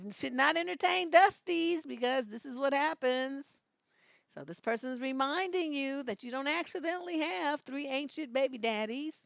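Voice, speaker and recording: This is a middle-aged woman hosting a casual live stream and speaking. Her voice sits a bit high, with a gravelly, fried edge. She laughs easily and throws out sassy reactions, all recorded dry and close. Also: fairly bright tone, no echo. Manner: laughs often, sassy reactions to viewer comments.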